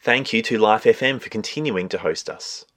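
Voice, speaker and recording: A man's voice: lowish voice, moderate pace, fairly bright tone. Man announcing a radio sermon. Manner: plain, informative.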